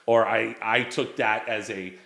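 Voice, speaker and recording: A man's voice: fairly low pitch, steady tone, a little slow, creaky, a bit bright, echoey room. A man in his forties chatting casually as a guest, telling rambling family stories and acting out the quotes. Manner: rambling storyteller, acts out quotes. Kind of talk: casual chat.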